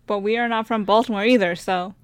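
A woman's voice: mid-range voice, fairly even intonation, fast talker, clean tone, no room sound. A woman from Maryland co-hosting a podcast, chatting casually with teasing banter and frequent laughter. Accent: Maryland American. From Maryland, USA. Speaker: podcast co-host. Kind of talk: casual chat.

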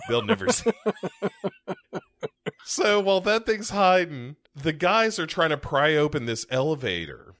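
A man's voice: fairly high pitch, very animated, unhurried, pauses often, a bit bright. A man co-hosting a movie podcast, recapping the film with crude jokes and acting out characters' lines. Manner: profane, jokey, acts out characters' lines. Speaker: podcast co-host. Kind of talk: casual movie-recap chat.

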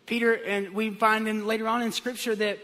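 A man's voice: high-pitched, fairly quick. A man pastor preaching a sermon, telling stories with comic voices. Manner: animated storytelling with comic voices. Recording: long hall reverb.

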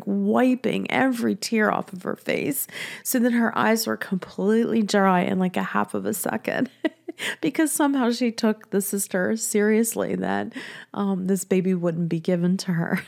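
A woman telling a personal story in a chatty, soft-spoken way, often laughing between sentences. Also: medium pitch, vocal fry. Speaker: business coach and podcast host.

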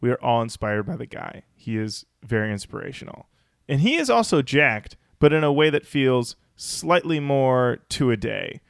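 A man's voice: mid-range voice, very animated, normal speed, gravelly, clear, resonant tone, no echo, studio quality. A man co-hosting a casual comedy podcast, reading listener comments aloud and tossing in joking asides. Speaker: podcast co-host.

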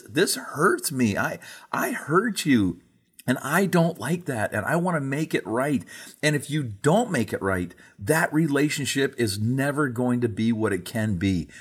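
A man's voice: medium pitch, a bit bright, breathy edge. A man co-hosting a religious talk show, who preaches revival meetings and speaks in an earnest, emphatic way, often repeating himself. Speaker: co-host, preacher. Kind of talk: casual religious discussion.

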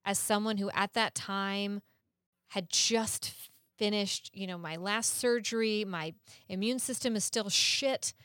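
A woman talks through a point in earnest, relaxed podcast chat, breaking into laughs and the odd curse word. Her voice sits at an everyday middle pitch. The sound is close and dry, with no room around it. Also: a little slow, dry recording. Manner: earnest, explanatory, laughs often; curses casually. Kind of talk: casual chat.

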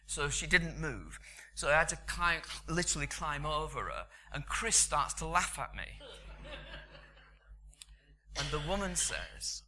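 Preaching in a chatty, story-driven style, a middle-aged man from Britain chuckles through asides. He sounds on the high side, expressive and sharp, speaking a little slowly.

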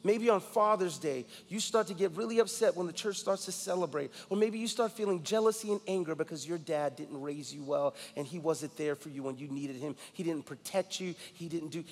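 Gravelly male preacher in echoing hall. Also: on the high side, fairly quick, few pauses. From New York, US. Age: 40s. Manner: emphatic personal storytelling. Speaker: guest pastor. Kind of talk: sermon.

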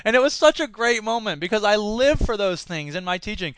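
High, bright-voiced man chatting. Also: a little fast, hardly any pauses, clean tone, dry recording. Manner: chatty, animated, with frequent restarts. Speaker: podcast host and teacher. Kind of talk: casual commentary podcast.

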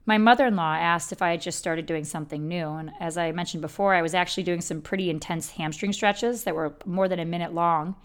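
A woman who belly dances gives a reflective self-help talk, speaking candidly and gently with the odd casual swear word. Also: on the low side, brisk, few pauses, clean tone. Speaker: belly dancer sharing self-healing practice.

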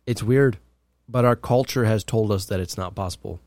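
A man's voice: fairly low pitch, normal speed, a little mellow, no room sound. A man co-hosting a podcast in casual chat, teasing and wry. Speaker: podcast co-host.

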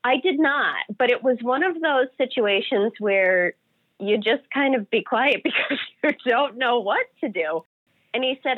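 A woman's voice: a little high, lively intonation, measured pace, no room sound. A woman telling an emotional personal story as an interview guest. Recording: dry phone-like audio.

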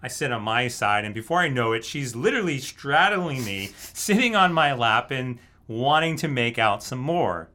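Animated man telling a story. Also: medium pitch, moderate pace, hardly any pauses. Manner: animated storyteller who laughs often. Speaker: guest telling a dating story. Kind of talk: casual anecdote.

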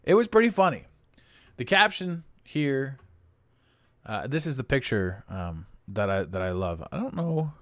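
He's unhurried as he rambles through a relaxed solo podcast episode, self-amused and laughing a lot. The man's pitch rises and falls animatedly, and the recording has no reverb.

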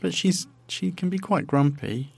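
A man's voice: high-pitched, a little slow, gravelly, breathy edge, dry recording. A man, co-hosting a casual podcast and chatting in a rambling, self-interrupting way. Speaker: podcast co-host. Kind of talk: casual chat.

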